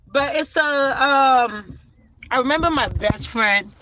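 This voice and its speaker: A woman's voice: sits high, slow, background noise. A woman hosting a casual spiritual livestream, talking with feeling and often checking in with "right?". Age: adult parent. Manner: emotional, tearful at times, many "right?" asides. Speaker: livestream host.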